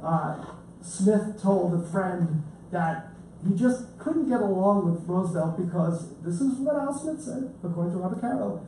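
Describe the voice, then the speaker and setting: A man's voice: high-pitched, lively intonation, a little slow, dark tone, slight background noise. Guy telling history stories to an audience, joking asides, really echoey room, mic far off. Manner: chatty, joking asides, frequent restarts. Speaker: author giving a book talk. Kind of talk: informal lecture with storytelling. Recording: roomy, distant mic with faint ambience.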